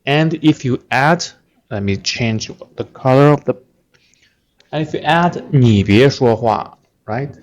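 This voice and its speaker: A man's voice: medium pitch, animated, slow. A man whose first language is Chinese, teaching a language lesson patiently, repeating words with many fillers. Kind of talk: slow explanatory lesson.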